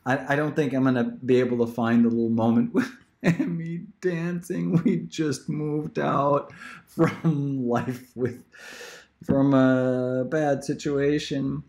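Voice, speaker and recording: A man talking casually about himself in a rambling audition monologue, laughing often and leaping into high pitch. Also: fairly even intonation, takes it slowly, darkish tone. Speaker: parent auditioning as a voice actor.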